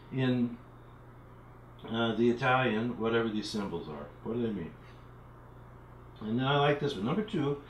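A man's voice: fairly low pitch, echoey room, a little hiss or hum, rough recording. A man teaching a recorded music literacy lesson from home, explaining symbols and chanting rhythm syllables as he counts. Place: home room.

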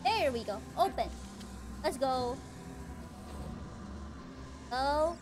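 A woman's voice: sits high, lively intonation, a little slow, pauses often, over music. A woman streaming a video game live, talking to herself playfully with mock-outraged exclamations. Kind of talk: live gameplay commentary.

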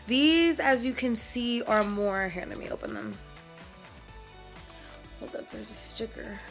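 A woman's voice: a little high, animated, unhurried, creaky, faint music behind. A young woman vlogging a shopping haul in a casual, slangy, playful way, a bit out of breath. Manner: chatty, slangy, playful, rambling.

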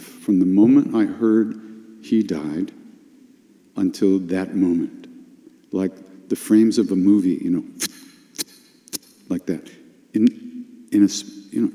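An older man telling a personal spiritual story at a retreat workshop, unhurried and confessional, with sudden animated bursts. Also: fairly low pitch. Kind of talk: storytelling talk. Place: retreat hall with an audience. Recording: long hall reverb.

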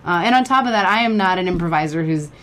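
A woman's voice: lowish voice, lively intonation, fast talker, fairly bright tone. A woman improv performer chatting as a podcast guest, self-deprecating and laughing as she talks. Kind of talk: casual chat.

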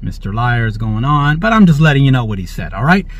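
Reading news on a prophetic religious commentary show, this man sounds very animated and talks quickly at medium pitch, with no echo. He's jubilant, keeps interjecting praise, and checks in with his audience through frequent "all right?" The lo-fi audio is dry and dull.

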